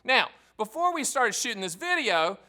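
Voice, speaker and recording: A man hosting a direct-to-camera explainer as an annuity agent, talking in an energetic, joking and emphatic way. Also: very high-pitched, normal speed. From American South. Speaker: annuity agent hosting his own channel.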